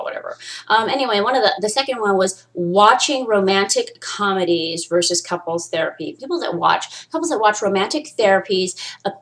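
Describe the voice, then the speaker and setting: Woman, podcast host, casual chat, rambling, jokey, lively swings in pitch. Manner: animated, rambling, joking.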